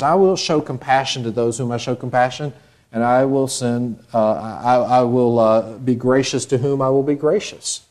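A man's voice: mid-range voice, a little mellow. A man preaching a sermon, explaining scripture verse by verse and speaking God's words in an earnest voice. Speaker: pastor.

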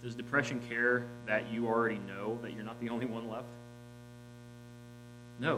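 A man preaching a sermon, reading scripture aloud and swinging from loud emphasis to soft, quiet lines. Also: medium pitch, moderate pace, pauses often, a little hiss or hum, rough recording. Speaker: pastor.

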